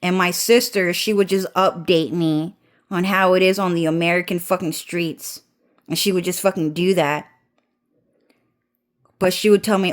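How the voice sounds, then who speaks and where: A woman's voice: on the low side, fairly even intonation, moderate pace, pauses often. A woman ranting through a storytime vlog, swearing constantly and chaining "and then" with a stuffy, congested voice. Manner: profane, repetitive, chains "and then". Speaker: vlogger. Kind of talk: rambling storytime rant.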